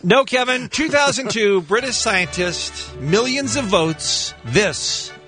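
Lively high-voiced radio host. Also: male voice, takes it slowly, soft background music. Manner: animated, laughs often. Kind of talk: morning radio banter.

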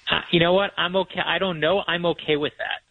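A man's voice: fairly high pitch, fast talker, creaky, no echo, phone-quality sound. A man guesting on a radio interview as an author, telling stories with self-deprecating humor. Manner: animated storyteller, self-deprecating.

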